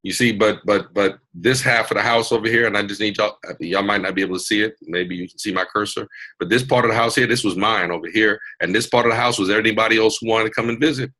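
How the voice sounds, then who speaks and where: A man with a Southern US accent hosting a motivational mentorship webcast over a video call, talking in an animated, folksy, digressive way. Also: fairly low pitch, fast. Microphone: computer mic on a video call.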